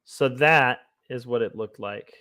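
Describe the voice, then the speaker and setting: Chatty guy on a drawing stream, wanders off on tangents, laughs at his own jokes, mid pitch. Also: unhurried, pushed and bright. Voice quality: rambling, self-amused, chatty asides. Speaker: comic artist streaming his work. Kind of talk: casual livestream chat.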